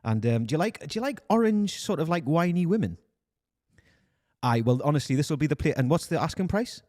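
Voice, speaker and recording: A man's voice: on the high side, sing-song, fairly quick, darkish tone, dry recording, studio quality, voice pushed up. A man putting on a Geordie accent to play a bumbling male Newcastle club recruiter on a phone call. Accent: Geordie, put on. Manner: rambling, hesitant, upbeat.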